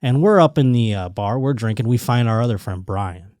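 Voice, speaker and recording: A man's voice: mid-range voice, a little fast, no room sound. Man telling a rambling story, dry sound. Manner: rambling, animated storytelling with restarts and quoted voices. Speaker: podcast host. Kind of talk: casual storytelling chat.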